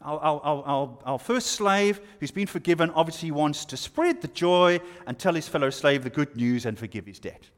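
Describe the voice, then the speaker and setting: A man preaching a sermon, explaining scripture verse by verse and asking the listeners rhetorical questions. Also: on the high side. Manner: expository, rhetorical questions, pauses. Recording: long reverb of a hall.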